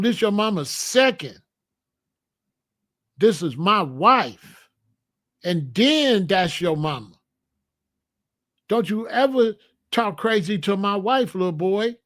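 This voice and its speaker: Stern father figure lecturing his boy, slow and firm, as a man puts him on. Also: sits high, lively intonation, a bit bright, exaggerated voice.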